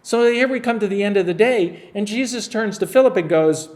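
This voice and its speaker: A man's voice: extremely high pitch, expressive, brisk, few pauses. A man preaching a sermon as pastor, explaining a Bible passage in a casual, conversational way and acting out scenes with humor.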